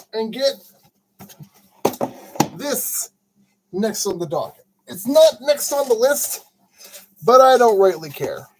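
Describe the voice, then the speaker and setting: A man with a high-pitched, darkish voice hosts a crafting channel, narrating casually as he builds a model kit. He chats, talks to himself while sorting parts and jokes at his own expense, in a low-quality recording with slight background noise.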